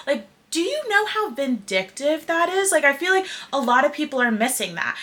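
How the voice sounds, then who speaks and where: Animated young woman host, bright voice. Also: on the high side. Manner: animated, opinionated, heavy use of "like". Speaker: podcast host. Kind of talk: casual pop culture chat.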